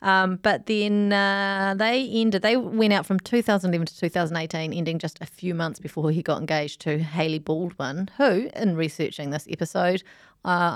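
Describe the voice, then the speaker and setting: A woman chats casually on a podcast and tells her stories with lively energy. She laughs often, and her voice sits in a middle range. The recording is close and dry. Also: medium pitch, no echo. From New Zealand. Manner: animated storytelling, laughs often. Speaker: podcast co-host. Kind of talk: casual chat.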